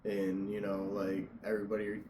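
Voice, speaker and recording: A man's voice: lowish voice, completely flat delivery, normal speed, dark tone, a little hiss or hum. A young man hosting a casual interview, easygoing and chatty, laughing often. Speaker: podcast host and tattoo artist.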